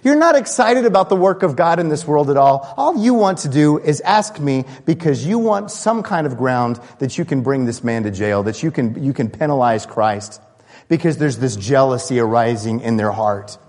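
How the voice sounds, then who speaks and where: A man's voice: medium pitch, animated, moderate pace, darkish tone, long reverb tail, close to an everyday voice. A man voicing a formerly blind man, newly healed and frustrated, pressing pointed questions.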